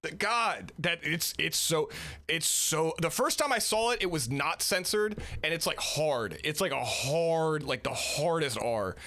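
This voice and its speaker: A male streamer reacts to clips, his voice a bit high and bouncing all over the place. He laughs often and swears freely, with loose, excited commentary. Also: a little slow.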